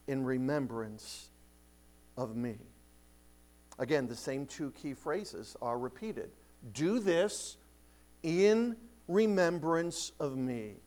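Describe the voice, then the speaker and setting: High-voiced emphatic preaching man. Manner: emphatic, swells louder on key points then drops low; slows and stretches scripture quotes. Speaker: pastor. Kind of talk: expository sermon.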